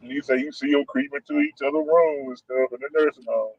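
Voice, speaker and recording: A man's voice: mid-range voice, quick pace, breathy edge. A man in a casual live-stream chat, telling funny stories with lots of laughter and slang. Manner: animated, laughing storyteller with Southern slang. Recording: muffled lo-fi stream audio.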